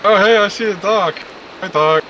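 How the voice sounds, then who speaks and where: A man in a casual gaming chat, playful and quick to laugh. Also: high voice, pushed and bright, a little hiss or hum. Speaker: gamer.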